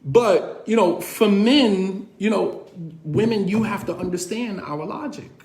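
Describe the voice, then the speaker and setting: A man with a high-pitched voice gives a relaxed lecture, talking straight at his audience and checking that they follow him. He tells animated, sarcastic stories. The sound carries a noticeable room echo. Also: a little slow. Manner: direct, keeps asking "you understand?"; animated, sarcastic storytelling with laughs. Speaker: lecturer on marriage. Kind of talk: conversational lecture.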